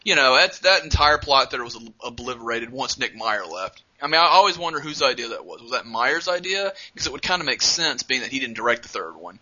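A man's voice: medium pitch, expressive, brisk, few pauses, bright, forceful tone. A man co-hosting a podcast in casual chat, rambling and profane, with many restarts. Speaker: podcast co-host. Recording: muffled lo-fi audio.

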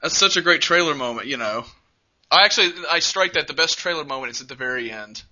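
A man co-hosting a casual movie chat, giving emphatic, animated opinions. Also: fairly high pitch, fast. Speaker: podcast co-host. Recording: dull lo-fi sound.

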